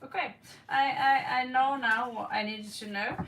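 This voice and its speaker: High-voiced, giggly woman streaming tarot. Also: steady tone, moderate pace, a bit bright, roomy sound, far from the mic. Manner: playful, giggly, rambling. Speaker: tarot reader. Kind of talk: live-stream tarot reading. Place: her own room.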